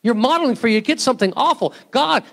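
A man's voice: extremely high pitch, expressive, fast, creaky, a bit bright. A male pastor preaching a sermon in a church, talking to the congregation in a conversational way, with rhetorical questions and asides.

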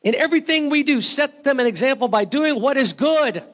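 A man's voice: extremely high pitch, lively intonation, brisk, fairly bright tone. A male pastor preaching a sermon in a church, talking to the congregation in a conversational way, with rhetorical questions and asides.

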